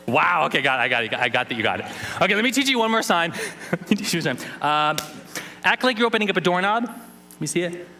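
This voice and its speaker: Animated man teasing a conference crowd. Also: fairly high pitch, fast talker. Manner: playful, teasing, jokes with the crowd. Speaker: keynote speaker teaching sign language. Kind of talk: lively conference keynote with audience participation. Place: large conference hall.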